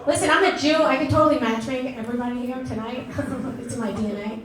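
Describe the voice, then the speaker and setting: A woman's voice: fairly high pitch, quick pace, fairly bright tone. Brash New woman doing stand-up. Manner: brash, self-mocking punchlines. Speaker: stand-up comedian. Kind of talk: stand-up set. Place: comedy club stage. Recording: echoey club with audience laughter.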